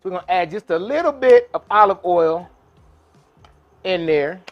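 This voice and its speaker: A man's voice: sits high, lively intonation, moderate pace, dull audio, faint music behind. A man hosting a live cooking demonstration in a kitchen, talking casually and folksily to his viewers. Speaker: cooking show host. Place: kitchen with induction burner.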